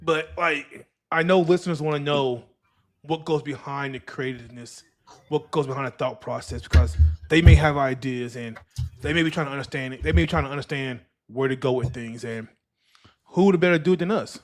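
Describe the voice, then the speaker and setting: A man's voice: medium pitch, a little fast. A man hosting a podcast, chatting loosely and rambling with restarts and fillers. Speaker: podcast host. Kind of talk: casual podcast chat.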